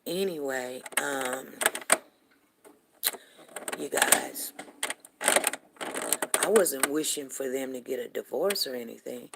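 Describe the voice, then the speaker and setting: Gravelly-voiced chatty woman storyteller. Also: deep voice, a little hiss or hum. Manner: chatty, greets viewers by name while telling a story. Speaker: livestream host. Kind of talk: casual storytelling to live viewers.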